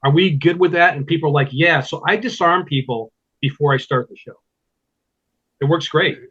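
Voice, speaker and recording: Animated male comedian telling stories. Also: on the high side, moderate pace, husky, highs cut off. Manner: animated storyteller, slips into impressions. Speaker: stand-up comedian, podcast guest. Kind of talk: casual interview chat.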